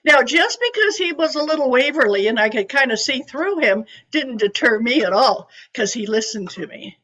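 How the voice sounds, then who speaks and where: A woman in her eighties from California, a psychic medium telling her story to an audience in a chatty, animated way. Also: sits high, normal speed, rough recording. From California, USA. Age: 80s.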